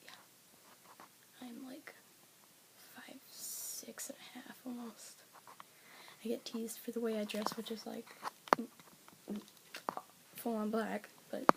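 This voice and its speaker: A woman vlogger talking casually to her viewers, rambling with many fillers and often slipping into a breathy half-whisper. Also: medium pitch, rough recording. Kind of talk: casual talk to camera. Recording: clear background hiss with clicks.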